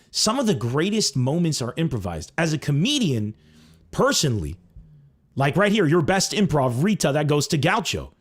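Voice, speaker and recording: Male comedian host, casual monologue, swooping expressive voice, acts out quotes. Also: a little high. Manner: animated, acts out quoted lines.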